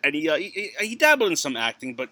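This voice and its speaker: Podcast co-host, man, joking and chatty, very bright tone. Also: fairly high pitch, very animated, fast talker, no room sound. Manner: chatty, joking, laughs while talking. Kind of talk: casual chat.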